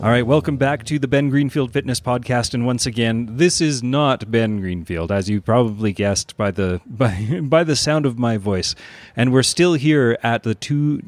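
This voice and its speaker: A man from Canada opening a podcast interview, relaxed and chuckling. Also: medium pitch, normal speed. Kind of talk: casual podcast interview intro.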